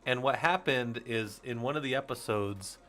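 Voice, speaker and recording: A man's voice: medium pitch, moderate pace, pushed and bright, soft background music. A man in his forties hosting a casual livestream, rambling to his viewers, laughing often and swearing casually. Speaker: host of a Linux user group stream.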